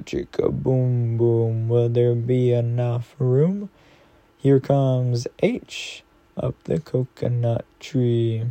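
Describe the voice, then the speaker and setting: A man talking softly and affectionately to a partner and reading a children's storybook aloud at bedtime. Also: medium pitch, dry recording. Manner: gentle, affectionate, slow reading.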